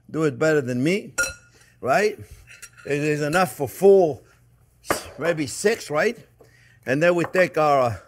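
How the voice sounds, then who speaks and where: A man's voice: fairly high pitch, slight background noise. A man hosting a cooking show, chatting his way through a recipe and often calling his viewers friends. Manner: chatty and animated, keeps addressing viewers as friends. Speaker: chef and cooking show host. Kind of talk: casual cooking demonstration.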